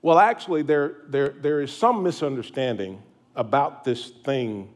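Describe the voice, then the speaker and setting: Middle-aged male pastor with a drawl; warm-humored, conversational sermon to a church crowd. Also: mid-range voice, a little slow. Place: church sanctuary.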